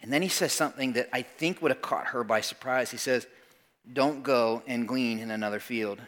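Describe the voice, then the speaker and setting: A man preaching a sermon, retelling a Bible story with animated asides and dropping to a soft hush for tender moments. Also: mid-range voice, moderate pace. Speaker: pastor.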